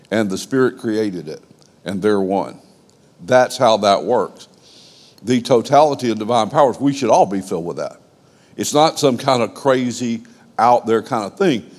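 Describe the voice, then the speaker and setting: A man's voice: medium pitch, darkish tone, in a large hall. A man preaching a sermon as the pastor of a church, with an emphatic, repetitive cadence. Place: church sanctuary.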